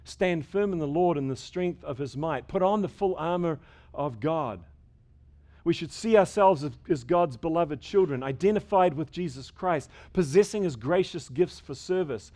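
A man preaching a sermon, building up to loud, emphatic passages and dropping to quiet, measured ones, sometimes repeating words as he restarts. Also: fairly high pitch, lively intonation. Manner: dynamic preaching, rising and falling sharply in loudness. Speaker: pastor.

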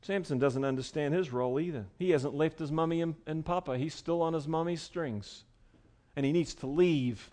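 High-voiced man preaching a sermon. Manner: conversational preaching, swinging from soft asides to loud emphatic bursts. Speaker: pastor.

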